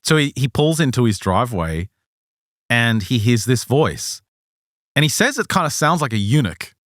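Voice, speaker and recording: Slightly sick, a male podcast co-host tells a strange story in casual chat, lively and laughing often as he goes. His voice is medium-pitched at a normal speed, with clean studio sound and no echo.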